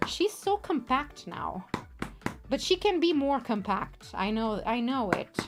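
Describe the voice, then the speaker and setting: A woman's voice: high voice, big pitch swings, unhurried, over music. A woman streamer chatting casually while crafting on a livestream, giggly, rambling and playful.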